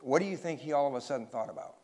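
A man reading a children's story aloud, expressive and pausing to ask his listeners questions. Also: mid-range voice, creaky.

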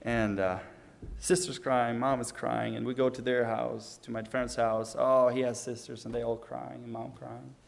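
With vocal fry, a flat delivery and normal speed in a mid-range voice, a young Ukrainian gives a personal testimony. He stays earnest and casual, often restarts, and acts out what others said.

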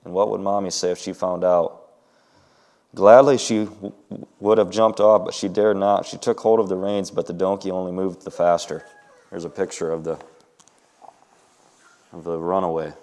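A man's voice: sits low, fairly even intonation, moderate pace, long pauses, darkish tone. A man reading a story aloud to a group, then talking informally and hesitantly about Bible stories, with many ums and restarts.

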